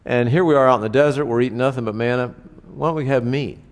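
A man's voice: mid-range voice, quick pace. A man preaching a sermon in a conversational way, often asking his listeners rhetorical questions. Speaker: pastor. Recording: reverberant hall.

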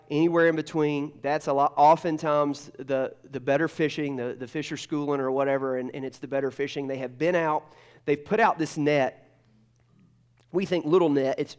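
Male pastor, conversational sermon, storytelling, joking, frequent restarts, slightly high voice.

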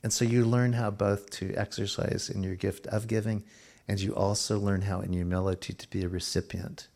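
Low-voiced man preaching a sermon. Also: creaky. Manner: expressive preaching, slows for emphasis and drops to a hush. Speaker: pastor.

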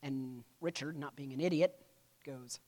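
A church history teacher leads a class through the material conversationally, often pausing for "right?" and "okay?" and drifting into light, humorous asides. The lecturer's voice is mid-range and a little mellow.

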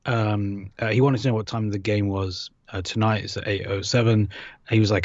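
A man's voice: lowish voice, fairly even intonation, moderate pace, a little mellow, no room sound, dull audio. A British man co-hosting a podcast, chatting casually and laughing at himself. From Britain. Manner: chatty, self-mocking, laughs often. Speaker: podcast co-host. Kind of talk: casual chat.

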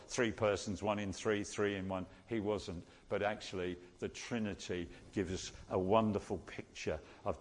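A man preaching a sermon, teaching slowly and repeating key phrases for emphasis. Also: on the low side, in a large hall.

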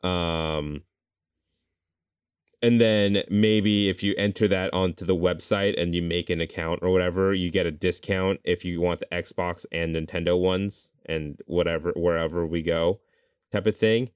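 A man in casual chat, musing aloud and trailing off as he pitches ideas. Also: fairly even intonation, unhurried, smooth, dry recording, studio quality.

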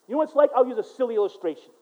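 American male pastor, very high voice, earnest sermon delivery swinging loud to hushed, muffled recording. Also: animated, racing. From United States. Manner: earnest, swings from loud and urgent to quiet and low; mimics people in quoted asides. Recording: dull lo-fi recording.

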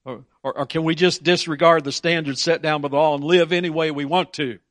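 Man preaching a sermon, kinda high voice, keeps repeating words for emphasis, dry close sound. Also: fairly even intonation, brisk, fairly bright tone, dry recording.

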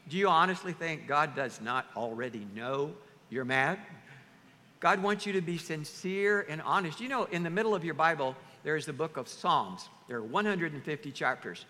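A man preaching a sermon as pastor, animated, acting out the voices of churchgoers. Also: fairly high pitch, moderate pace. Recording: long hall reverb.

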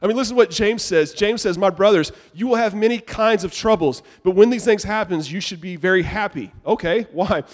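A young adult man preaching a sermon to a church congregation in a casual, animated conversational way. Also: sits high, brisk, few pauses. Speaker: pastor. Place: church sanctuary.

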